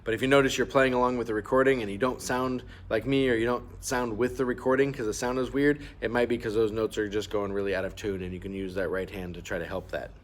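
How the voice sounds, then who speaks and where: A man's voice: lowish voice, fairly even intonation, fast talker, hardly any pauses, a little hiss or hum. A man teaching a clarinet part, patiently explaining fingerings and markings and singing rhythms aloud to show them. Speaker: band teacher. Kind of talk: instrument lesson walkthrough.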